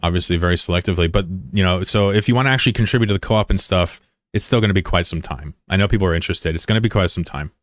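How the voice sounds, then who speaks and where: A man from the United States chats live with his stream viewers in a blunt, profane way. His voice sits low, and the recording is dry and close, with no room sound. He argues readily with critics in the chat. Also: racing, a bit bright, no echo. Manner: blunt and profane, often swearing; argumentative when answering critics. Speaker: livestreamer. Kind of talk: casual livestream chat with viewers.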